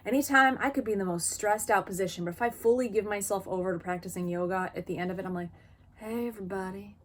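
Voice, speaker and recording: A woman's voice: mid-range voice, fairly even intonation, fast, fairly bright tone. A woman vlogger talking frankly and expressively to camera about her own experience, in a casual personal style. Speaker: vlogger sharing lived experience.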